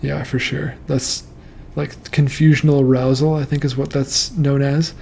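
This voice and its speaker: A man talks through listeners' nightmares in a calm, reassuring host's commentary. His voice has a gravelly fry and a dark, mellow tone. His delivery stays steady and flat rather than lively. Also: mid-range voice, a little hiss or hum. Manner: calm, measured, reassuring explanations. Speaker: host reading and interpreting nightmares. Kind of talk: casual commentary on listener dream posts.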